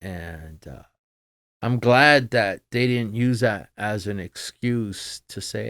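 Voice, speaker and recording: A middle-aged man with a low, gravelly voice talks as a podcast guest. He speaks in a halting, subdued way, trailing off into fillers. The sound is close and dry, with no room around it. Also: a bit bright, no echo. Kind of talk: casual conversation.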